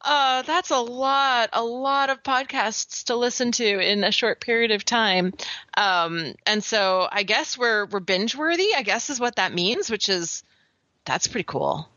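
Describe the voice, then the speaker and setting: Bright-voiced woman podcast co-host. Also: fairly high pitch, measured pace, dry recording, highs cut off. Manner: animated, laughs while talking. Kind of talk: casual podcast chat.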